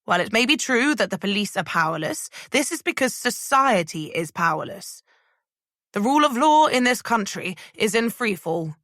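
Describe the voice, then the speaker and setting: A woman's voice: mid-range voice, very animated, moderate pace, a bit bright, no echo, clean studio sound, voice pushed up. A woman voicing an ambitious male politician who speaks in a firm, declamatory way. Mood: stern. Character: man, ambitious press secretary turned politician, stern.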